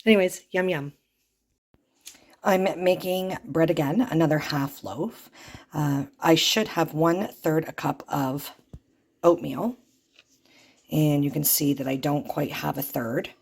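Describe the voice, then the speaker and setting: A woman's voice: low-pitched, slow, vocal fry, pauses often, darkish tone. A woman from Canada chatting casually through a home kitchen vlog, explaining recipes step by step with plenty of enthusiasm. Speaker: vlogger.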